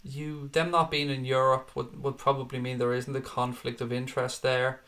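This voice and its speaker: Man, 30s, live-stream host, casual chat, blunt, swearing, middle pitch. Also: level tone, moderate pace, a bit bright. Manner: chatty, blunt, swears freely, calls viewers mate. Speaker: fan channel host reading live chat.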